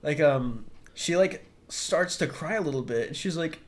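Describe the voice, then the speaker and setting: A young man with a slightly high voice, chatting casually as a podcast co-host. He tells a childhood story with lively delivery and puts on the voices of the people in it. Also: normal speed. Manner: animated storyteller, acts out quoted voices.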